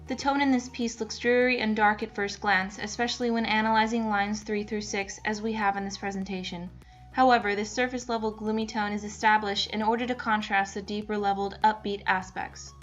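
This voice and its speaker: A woman's voice: mid-range voice, fairly even intonation, fairly quick, highs cut off, soft background music. Young woman reading a class presentation. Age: young adult. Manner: reads a prepared script steadily. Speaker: student presenter.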